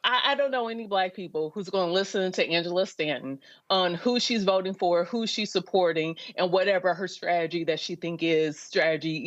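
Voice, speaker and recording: A female guest commentator with a fairly low voice speaks in a dismissive, sardonic way. Her audio is dry and slightly dull, like a remote feed. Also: no echo. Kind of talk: political commentary.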